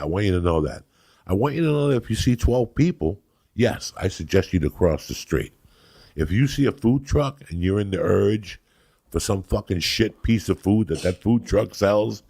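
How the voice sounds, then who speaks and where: A middle-aged man from New Jersey, a comedian host telling loud, crude, rambling stories in casual chat. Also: on the low side. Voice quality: gravelly. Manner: loud, rambling and crude, breaking into acted quotes. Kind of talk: profane storytelling chat.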